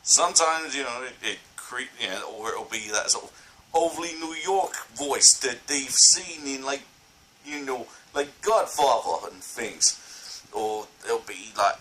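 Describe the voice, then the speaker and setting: A man's voice: medium pitch, measured pace, pushed and bright, slight background noise, rough recording. A man reviewing films in a casual vlog, rambling and enthusiastic, full of fillers and restarts. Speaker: film reviewer.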